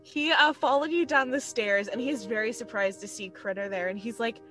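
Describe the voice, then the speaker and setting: Giggly woman game master, bright voice. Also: a little high, normal speed, hardly any pauses, faint music behind. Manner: giggly, relaxed narration. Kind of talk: narrating a tabletop role-play.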